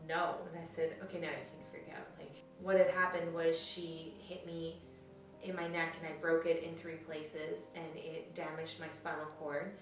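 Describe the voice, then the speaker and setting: Low-voiced young woman, echoey and distant. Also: completely flat delivery, normal speed. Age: 20s. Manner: casual, conversational, many fillers and quoted dialogue. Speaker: interviewee. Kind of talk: personal story told to camera. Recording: very echoey, distant mic, faint music.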